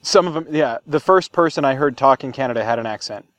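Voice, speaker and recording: A man's voice: medium pitch, expressive, fast talker, no echo. A man co-hosting a casual podcast chat, rambling loosely and laughing often. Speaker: podcast co-host.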